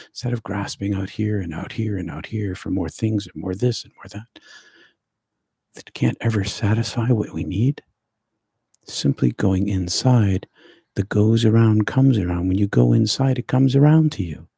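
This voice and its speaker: A man hosting a spiritual livestream, speaking slowly and repetitively with gentle emphasis. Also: fairly low pitch, dry recording, studio quality. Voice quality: gravelly, husky. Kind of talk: meditative live-stream talk.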